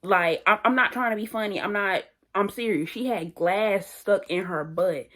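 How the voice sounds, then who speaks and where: A young woman vlogger telling a story in a casual, animated and slangy way, often repeating phrases. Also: mid-range voice, normal speed. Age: young adult.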